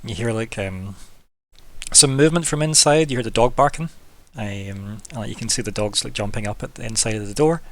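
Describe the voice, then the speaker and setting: A man's voice: on the low side, a little fast. A man narrating as game master of a tabletop game, chatty and loose, with many fillers and frequent laughs.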